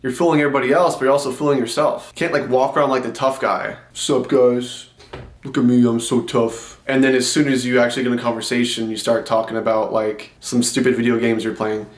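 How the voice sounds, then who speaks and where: A man's voice: medium pitch, flat delivery, fast, hardly any pauses. A young man giving casual, direct self-improvement advice and calling the viewer "bro". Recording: echoey room.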